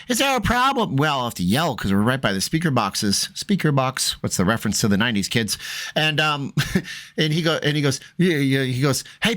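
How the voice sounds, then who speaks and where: Man, vlogger, storytime, chatty and rambling, lots of fillers, animated. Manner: animated, switching between low asides and raised bursts. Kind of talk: storytelling vlog.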